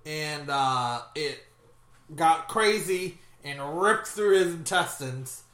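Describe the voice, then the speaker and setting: An animated podcast co-host tells stories with plenty of giggles, the voice rising and falling freely. The tone is bright and forward. The recording rings with noticeable room echo. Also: medium pitch, slow. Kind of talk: casual storytelling chat. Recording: echoey room.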